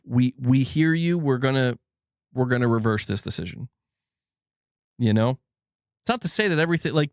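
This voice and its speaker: Alone at home on a casual livestream, a man who hosts a gaming channel rants in an animated, emphatic way and swears freely. His mid-range voice comes through clean and studio-like, with no echo.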